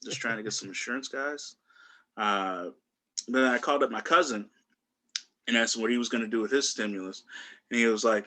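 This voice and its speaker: A man's voice: mid-range voice, a little fast, long pauses, pushed and bright. A man performing a stand-up comedy set over a video call, rambling loosely with lots of fillers and restarts.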